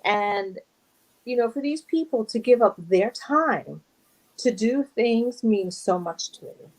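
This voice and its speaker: A woman's voice: fairly high pitch, slow pace, low-quality recording. A woman guest on an interview show, talking earnestly and at length about organizing a charity event. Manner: earnest, animated, emotional at times. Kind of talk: casual interview talk.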